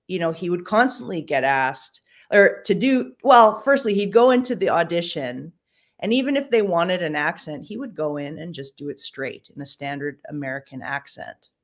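A woman's voice: deep voice, animated, moderate pace. A woman actress chatting casually as an interview guest over a livestream video call, loose and full of fillers.

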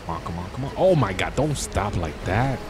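A man's voice: on the low side, big pitch swings, a little fast. Young guy chatting slangy stories over his game, voice jumps around a lot, bit of music under it. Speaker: gaming YouTuber. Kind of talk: casual gameplay commentary with storytelling.

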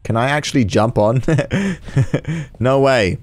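A man's voice: mid-range voice, takes it slowly. A man giving casual gameplay commentary with exaggerated reactions, sarcasm and swearing. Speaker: gaming channel host.

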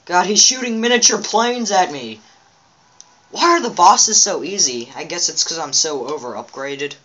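A man's voice: sits high, lively intonation, moderate pace, pushed and bright. Rambling young gamer man. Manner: rambling, chatty, talks to viewers. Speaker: let's play gamer. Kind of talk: casual gameplay commentary.

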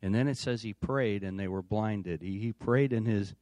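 A man's voice: on the low side, moderate pace, a little mellow, dry recording. Conversational male pastor, dry sound. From United States. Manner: conversational, reads aloud with asides. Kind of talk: informal sermon with scripture reading. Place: church.

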